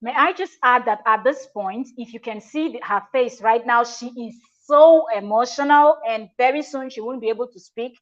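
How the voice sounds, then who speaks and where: A woman's voice: a little high, normal speed, hardly any pauses, muffled recording. A woman hosting a reaction video, talking in a chatty, emphatic way with frequent restarts. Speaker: reaction channel host. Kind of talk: casual reaction commentary.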